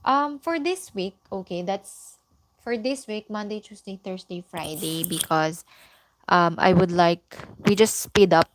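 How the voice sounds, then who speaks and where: Filipino lady teaching japanese online, slow and patient, repeats example phrases. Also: mid-range voice. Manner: explains slowly, repeats example phrases, mixes in Tagalog. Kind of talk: live online lesson.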